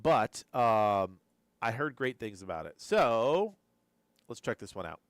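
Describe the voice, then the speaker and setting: A man's voice: on the low side, big pitch swings, takes it slowly, dry recording. A man hosting a live gaming news stream, rambling and repeating himself as he thinks aloud, drowsy and yawning. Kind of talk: live-stream reaction commentary.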